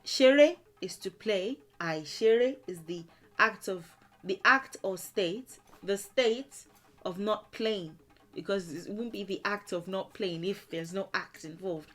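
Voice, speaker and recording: Slow, patient woman teaching pronunciation. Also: on the high side, expressive, fairly bright tone. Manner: repeats words and letters slowly for learners to copy, with light laughs. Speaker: language teacher. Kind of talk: slow explanatory lesson with drilled pronunciation.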